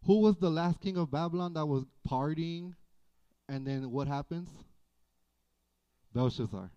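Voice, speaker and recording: Slow, folksy preacher. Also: male voice, a little high, clean tone. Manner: folksy, animated preaching with playful asides. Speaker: pastor. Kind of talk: sermon. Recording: dull lo-fi church audio.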